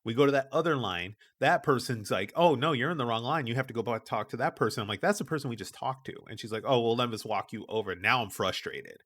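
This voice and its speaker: A man's voice: mid-range voice, fast talker, hardly any pauses, fairly bright tone. A middle-aged man co-hosting a podcast, telling a story in casual chat and acting out the people he quotes. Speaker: podcast co-host.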